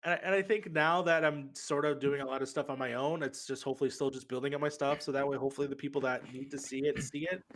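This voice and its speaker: Gravelly-voiced man chatting casually. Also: medium pitch, steady tone, fast talker, few pauses, fairly bright tone, slight background noise. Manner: rambling, self-correcting. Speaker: podcast guest. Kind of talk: casual chat.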